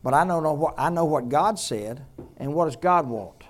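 Guy preaching, chatty, fires questions at the pews, goes soft and hushed on the tender bits. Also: a little high, lively intonation, moderate pace. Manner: conversational preaching, asks the congregation questions; drops to a soft hush on tender points. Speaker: pastor. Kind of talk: sermon.

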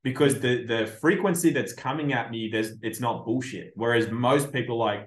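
A man hosting a podcast, talking in a blunt, profane, animated way in casual chat. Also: medium pitch, normal speed, roomy sound. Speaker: podcast host.

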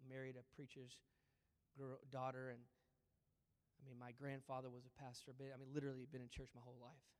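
A man preaching a sermon as pastor, moving between loud emphatic lines and hushed, almost whispered ones. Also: mid-range voice, monotone, a little fast. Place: church auditorium. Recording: long reverb of a large hall.

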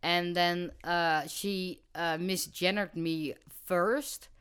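Lively swearing podcast co-host, a man. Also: high-pitched, drawn-out words, smooth. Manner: animated, swears freely, laughs often. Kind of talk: casual podcast chat. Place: studio.

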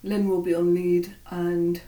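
Scottish woman speaking slowly on a podcast. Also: lowish voice, little pitch movement, dark tone. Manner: deliberately slow, friendly, laughs often. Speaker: podcast co-host. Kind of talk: casual podcast chat. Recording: roomy sound from a distant mic.

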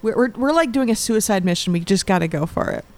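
A woman's voice: mid-range voice, lively intonation, fast talker, dry recording. A young adult woman playing a tabletop game, teasing and swearing casually. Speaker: player.

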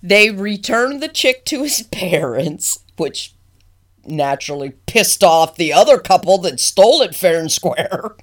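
A woman co-hosting a podcast in casual chat, telling stories with laughter and acting out voices. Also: on the low side. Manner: laughing, animated storyteller who acts out voices. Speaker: podcast co-host.

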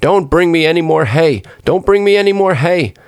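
A man's voice: lowish voice, lively intonation, normal speed, no echo, clean studio sound, close to an everyday voice. A man voicing a tiny, bold and playful boy in a storybook reading, with a chirpy, cheeky voice.

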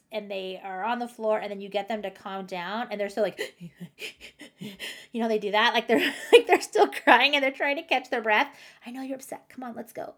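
Chatty, encouraging middle-aged woman. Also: fairly high pitch. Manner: chatty and encouraging, laughs often, acts out parent and child lines. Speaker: parenting podcast host. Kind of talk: casual advice talk.

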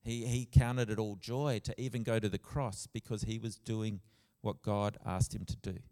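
Male pastor, sermon, smooth resonant voice, long church reverb. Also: fairly low pitch, level tone, moderate pace, mellow. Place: church hall.

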